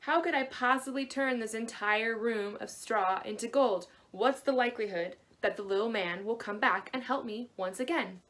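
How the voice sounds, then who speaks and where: A woman's voice: on the high side, normal speed, few pauses, a bit bright, close to an everyday voice. A woman doing an anxious young miller's daughter. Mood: pleading, anxious. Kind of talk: storybook reading.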